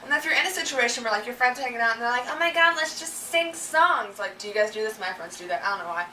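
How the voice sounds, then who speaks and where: Bright-voiced young woman ranting. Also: a little high, racing, a little hiss or hum. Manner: chatty and exasperated, acts out quoted people. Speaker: vlogger. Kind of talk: casual ranting vlog. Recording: roomy, a little distant from the mic.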